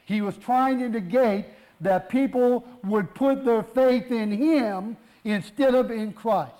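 A man's voice: very high-pitched, slow pace, mellow, rough recording. A man preaching a sermon, pressing his point with rhetorical questions and emphatic repetition.

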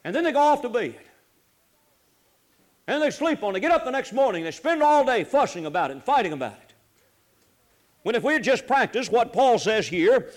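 A man preaching a folksy sermon, swinging between loud urging and low, quiet asides. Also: sing-song, normal speed. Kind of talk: sermon on marriage.

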